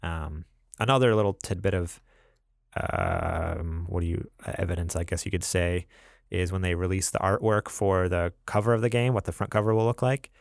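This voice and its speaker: A man's voice: sits low, animated, normal speed, creaky, no room sound, studio quality. A man co-hosting a casual podcast, rambling and laughing, with many fillers. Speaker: podcast co-host. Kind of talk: casual chat.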